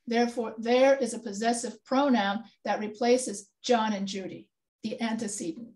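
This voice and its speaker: A woman's voice: a little high, normal speed, a little mellow. A woman instructor leading an online grammar review, patiently quizzing students with questions. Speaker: writing instructor. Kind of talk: online class session.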